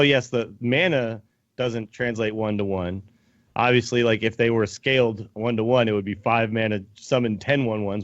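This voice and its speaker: A man's voice: mid-range voice, no room sound, dull audio. A man co-hosting a podcast, chatting casually and pragmatically, often acting out quotes. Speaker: podcast co-host. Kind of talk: casual chat.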